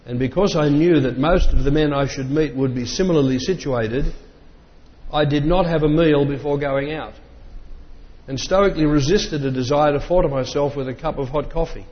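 Male reader, measured delivery with casual asides; fairly high voice, long hall reverb. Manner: measured reading voice, breaks off for plain remarks. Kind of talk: reading a memoir aloud with spoken asides. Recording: dull lo-fi sound with long reverb.

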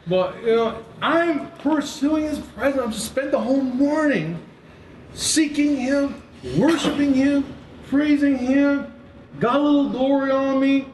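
A man's voice: very high-pitched, a little slow, darkish tone. A man preaching in a storytelling way, laughing often and acting out what people said. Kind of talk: storytelling sermon. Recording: echoey room, mic far off, noisy.

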